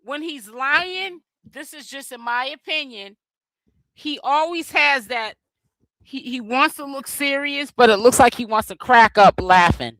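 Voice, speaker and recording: A woman with a bright, higher voice hosts a gossip livestream. She gives her opinion and addresses the chat directly. Her voice sounds close and dry, with no room echo. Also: measured pace.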